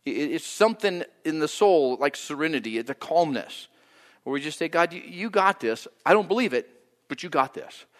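A high-pitched male pastor preaching a sermon, his voice ringing with the long reverb of a large hall. He is animated and acts out the prayers he quotes, swinging his pitch up and down and going loud or soft. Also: moderate pace.

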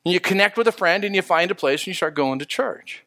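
A man, a pastor, preaching a sermon in a conversational way, asking his listeners questions and slowing down to stress key words. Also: sits high, expressive, bright, forceful tone, no room sound, clean studio sound. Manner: conversational preaching, rhetorical questions, slows for emphasis.

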